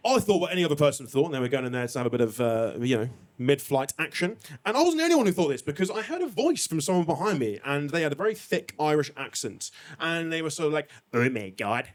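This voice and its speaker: A man performing a live stand-up comedy set, telling a story in an animated, chatty way and swinging his voice up and down for effect. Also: on the high side, fast, hardly any pauses. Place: comedy venue stage.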